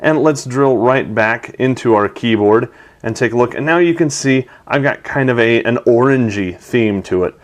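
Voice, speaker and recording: A man's voice: mid-range voice, moderate pace. A man hosting a tech video, narrating a product demo in an enthusiastic, chatty way.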